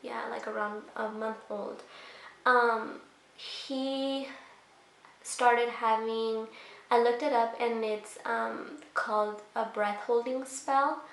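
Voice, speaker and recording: A woman's voice: fairly high pitch, fairly even intonation, takes it slowly, reverberant. Young woman rambling through a story. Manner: rambling, many fillers, emotional retelling. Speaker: vlogger. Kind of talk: casual storytelling to camera.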